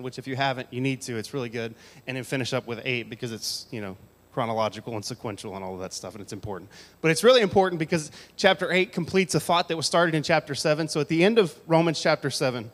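Casual preacher man in a reverberant hall. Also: on the high side. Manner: conversational, joking asides to the congregation. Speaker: pastor. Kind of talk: casual sermon. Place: church hall with audience. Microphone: handheld microphone.

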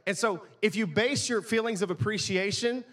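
A man's voice: sits high, normal speed, fairly bright tone. A man preaching a sermon as pastor, talking in a conversational way and often ending points with a questioning "right?".

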